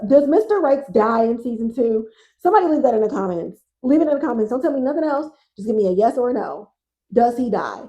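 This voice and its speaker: Animated woman recapping TV. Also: a little high, rough recording. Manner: animated, exasperated, swears freely; addresses listeners as y'all. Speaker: podcast host. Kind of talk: casual TV recap podcast.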